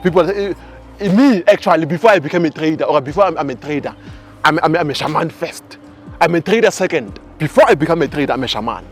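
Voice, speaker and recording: A man in his twenties with a South African accent, giving a casual, animated spiritual teaching talk. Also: on the high side, quick pace, faint music behind. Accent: South African English. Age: 20s. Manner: animated storyteller.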